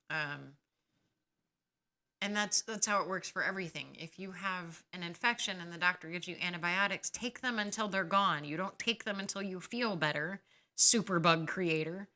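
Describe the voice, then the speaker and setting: A woman's voice: low voice, bright, forceful tone. A woman hosting a podcast, talking casually and bluntly about managing chronic pain and giving firm advice. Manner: blunt, advising, grows emphatic and scolding. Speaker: podcast host sharing her experience.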